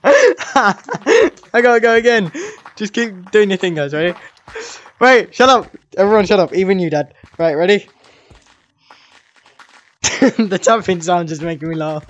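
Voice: medium pitch, dull audio. A vlogger in casual game chat, bossy and laughing while directing other players. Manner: bossy, laughing, gives quick instructions.

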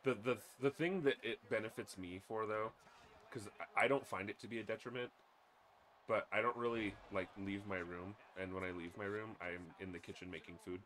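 A man's voice: on the low side, steady tone, a little fast, a bit bright, a little hiss or hum. Rambling, crude man in casual banter. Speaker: podcast co-host.

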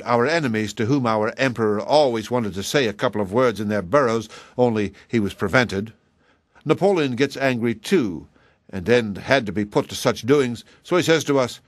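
A man reading an audiobook as an old soldier telling a war story, lively and theatrical, with sudden loud cries. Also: medium pitch, dry recording. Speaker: audiobook narrator. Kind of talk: dramatic reading of a soldier's tale.

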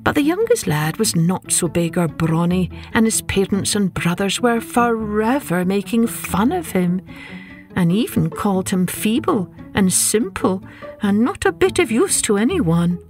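Slow, gentle woman storyteller. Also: mid-range voice, faint music behind. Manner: gentle, expressive, unhurried. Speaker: children's storyteller. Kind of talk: children's storytelling.

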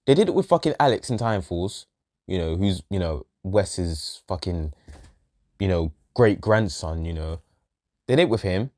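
A man's voice: mid-range voice, a little mellow. Exasperated sweary man ranting. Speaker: reviewer. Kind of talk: profane ranting review.

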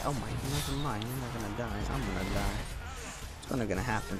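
A young man hosting his gaming channel, giving excited gameplay commentary, yelping, laughing and repeating words as he plays. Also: lowish voice, fast talker. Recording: faint game music behind.

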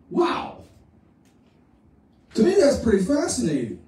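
A man's voice: very high-pitched, wildly swooping pitch, moderate pace, long pauses, warm tone. A man pastor preaching a sermon in a folksy, conversational way, often repeating his phrases. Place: church sanctuary. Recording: echoey room, voice from far off.

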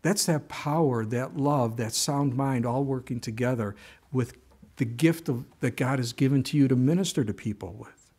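A man's voice: mid-range voice, normal speed, warm tone, breathy edge. An older man preaching a sermon in a conversational way, with frequent asides and restarts. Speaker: pastor.

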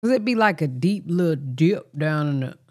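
A woman's voice: low voice, animated, moderate pace, a little mellow. A woman co-hosting casual chat, joking and giggling. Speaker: co-host.

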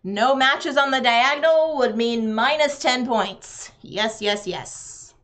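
A woman's voice: a little high, takes it slowly, fairly bright tone. A woman, chatting with viewers while playing a roll-and-write game on a live stream, laughing often.

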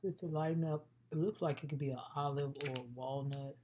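A woman's voice: deep voice, steady tone, fairly quick, dark tone, slight background noise. A woman vlogging her makeup routine in a playful, chatty way, talking straight to her viewers. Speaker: beauty vlogger. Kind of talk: casual makeup tutorial chat.

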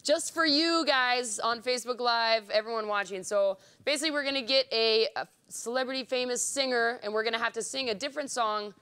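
A woman's voice: fairly high pitch, a little fast, hardly any pauses, pushed and bright, clear, resonant tone. A woman hosting a music interview show, chatty, bubbly and self-deprecating, speaking into a studio microphone. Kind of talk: casual interview chat. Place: studio, for a live web broadcast.

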